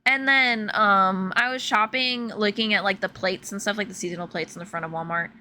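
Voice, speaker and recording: A young woman from Illinois, a streamer telling stories in casual, animated chat full of fillers while she plays a game. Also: medium pitch, fairly quick, slight background noise. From Illinois, USA. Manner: animated, chatty, filler-heavy, laughs often. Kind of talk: casual storytelling while gaming.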